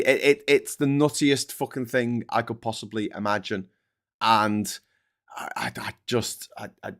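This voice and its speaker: A British man hosting a livestream, ranting angrily about politics and swearing a lot, swinging between loud outbursts and low mumbles. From Britain. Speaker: livestream host.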